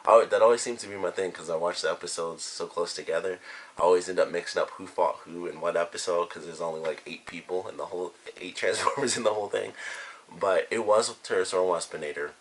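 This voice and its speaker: A man with a deep, somewhat husky voice talks through a cartoon episode in a relaxed, unscripted review. He retells scenes loosely, circling back on himself and leaning on fillers as he goes. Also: fast talker. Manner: rambling, filler-heavy retelling. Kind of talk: casual spoken review.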